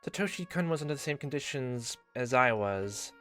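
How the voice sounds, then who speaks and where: A man voicing a gentle but guarded teenage girl in a visual novel, his voice raised and softened, turning from sweet to flat and mocking. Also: mid-range voice, normal speed, faint music behind. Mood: earnest. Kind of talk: dramatic reading of visual novel dialogue.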